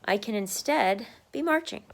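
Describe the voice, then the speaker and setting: This weight-loss vlogger talks candidly to camera at her home office desk, marching in place and laughing occasionally in a casual video diary. Her fairly high voice is animated, with a moderate pace and vocal fry.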